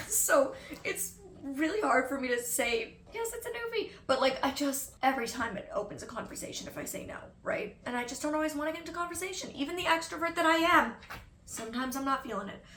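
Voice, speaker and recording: Young woman, vlogger, casual chat, high-pitched, roomy echo. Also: a little fast, fairly bright tone. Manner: chatty, laughing, acts out quotes. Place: home. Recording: echoey room, faint noise.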